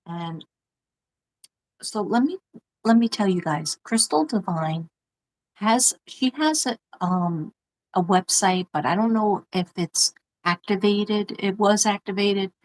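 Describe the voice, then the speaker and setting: A woman's voice: mid-range voice, slow, darkish tone, rough recording. A middle-aged woman from Staten Island with a New York accent, chatting casually on a livestream, rambling and laughing often. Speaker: livestream host, former teacher. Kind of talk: casual livestream chat reading mail.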